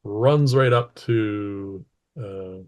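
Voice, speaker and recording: A man's voice: lowish voice, extremely slow. Man narrating as game master. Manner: casual, descriptive narration.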